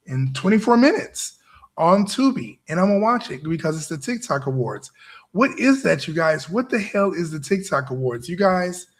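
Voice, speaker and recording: A man hosting a show and giving a motivational talk to a live audience. He is emphatic and repeats himself, often tossing "right?" back at the crowd. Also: fairly high pitch. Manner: emphatic, repetitive, keeps asking "right?". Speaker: show host.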